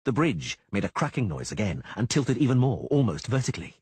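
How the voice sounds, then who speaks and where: Husky man narrating an audiobook. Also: fairly low pitch, fairly quick, dry recording. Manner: dramatic, lively reading. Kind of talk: scripted narration.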